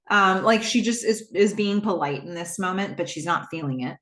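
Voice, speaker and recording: Lively woman recapping a TV episode. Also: mid-range voice, moderate pace, hardly any pauses. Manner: animated, acts out the characters' lines. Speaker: podcast host. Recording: roomy echo.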